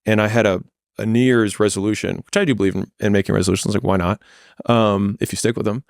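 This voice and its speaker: Guy with a low gravelly voice, blunt and plainspoken, dry close sound, faint music behind. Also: fairly even intonation, quick pace, dry recording. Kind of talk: candid conversational talk.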